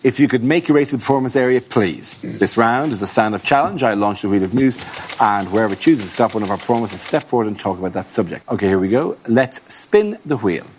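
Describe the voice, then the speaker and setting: A man hosting a comedy panel show, introducing the rounds in a brisk, upbeat way. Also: fairly low pitch, expressive, darkish tone. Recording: noisy studio with an audience.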